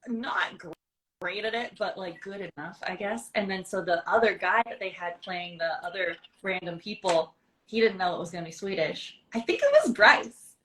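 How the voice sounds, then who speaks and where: A woman voice actor in casual chat, telling animated stories, acting out lines of dialogue and laughing often. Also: mid-range voice, moderate pace, low-quality recording.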